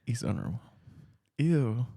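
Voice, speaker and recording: A man's voice: mid-range voice, wildly swooping pitch, normal speed, vocal fry, mellow. A man playing a word-guessing game on a podcast, playful and laughing, often muttering his guesses in a whisper. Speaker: game contestant. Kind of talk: casual podcast banter.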